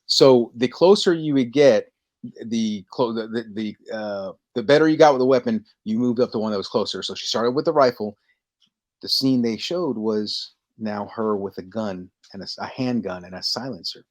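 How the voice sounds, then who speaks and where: A man co-hosting a casual podcast, telling stories with lively energy and acting out lines in quick bursts. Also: lowish voice. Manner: animated storytelling, acting out movie lines. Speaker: podcast co-host. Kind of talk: casual chat.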